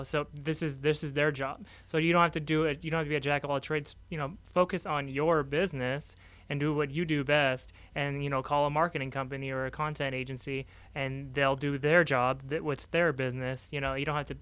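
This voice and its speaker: A man's voice: a little high, little pitch movement, a little fast, fairly bright tone, clean tone. A man co-hosting a marketing podcast, speaking in an upbeat, conversational way and promoting services. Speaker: co-host. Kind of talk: casual podcast chat.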